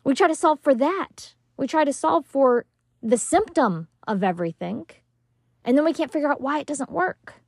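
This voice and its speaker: A woman's voice: high voice, moderate pace, gravelly, dry recording, studio quality. A woman hosting a parenting-coach podcast, talking emphatically and casually, sometimes acting out what stressed moms say. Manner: animated, emphatic, acts out quoted moms; casual, swears now and then. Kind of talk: motivational solo podcast talk.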